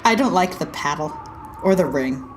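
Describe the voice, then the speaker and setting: Giggly woman with a lively, bouncy voice. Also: fairly low pitch, moderate pace, music in the background, low-quality recording. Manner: giggly, sarcastic asides, frequent laughter. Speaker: reaction video host. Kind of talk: casual reaction commentary.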